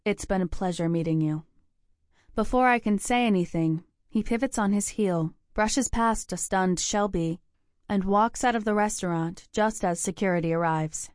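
A woman narrates a novel in first person with a steady, measured reading and a mid-range pitch. The recording is close and dry, with no room sound at all. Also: no room sound. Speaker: audiobook narrator.

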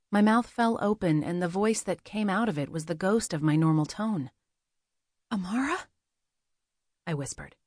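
A woman reading a first-person fantasy audiobook, measured and quietly expressive. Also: lowish voice, dry recording, studio quality. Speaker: audiobook narrator.

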